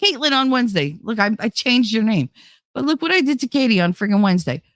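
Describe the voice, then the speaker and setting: A woman's voice: on the high side, sing-song, quick pace, fairly bright tone, no room sound, clean studio sound. A woman hosting a casual livestream, blunt and profane, reading chat aloud while tired and running on fumes. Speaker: livestream host.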